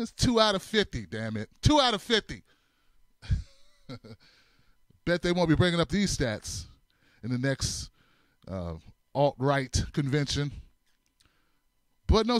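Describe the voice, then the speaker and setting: A man hosting a comedic political commentary show, animated, repeating his phrases and laughing often. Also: on the high side, clean tone, dry recording, clean studio sound. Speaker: host.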